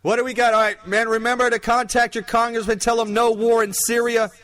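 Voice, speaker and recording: This podcast host has a very high, slightly bright voice that barely moves in pitch, and he talks a little fast. He rambles jokingly through the news, swearing often, in a loose, profane, comedic way.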